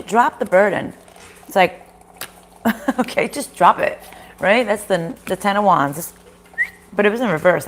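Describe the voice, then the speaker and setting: A woman reads tarot cards in a relaxed, chatty way, speaking the viewer's thoughts aloud and dropping the odd curse. Her voice sits in a middle pitch. She is recorded in a kitchen at home, with a faint hiss behind her. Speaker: tarot reader. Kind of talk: casual tarot reading to viewers.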